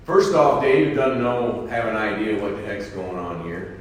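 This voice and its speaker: A man's voice: on the low side, moderate pace, a little hiss or hum. Preacher man echoing in a hall. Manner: reads scripture, then comments in an animated, folksy way. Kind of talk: scripture reading with sermon commentary. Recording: echoey hall from far off.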